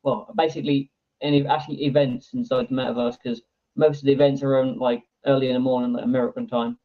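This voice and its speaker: A British man, a guest in a casual chat, speaking plainly and haltingly with many ums. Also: mid-range voice, flat delivery, warm tone. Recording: tinny phone-like line.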